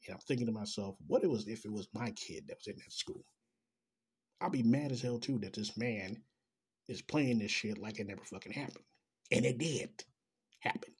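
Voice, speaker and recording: A man in full rant, swearing through nearly every sentence and dripping with sarcasm. His voice is husky and breathy, sitting at an ordinary middle pitch for a man. He talks straight at his audience, heated and scornful. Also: normal speed, pauses often, a little mellow. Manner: angry, profane, sarcastic. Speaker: commentator. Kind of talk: ranting commentary.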